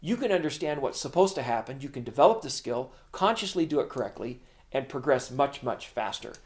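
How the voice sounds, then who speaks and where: A man's voice: mid-range voice, animated, a little fast. A middle-aged man teaching a drum lesson, explaining patiently in plain words and counting beats aloud. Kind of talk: instructional video lesson.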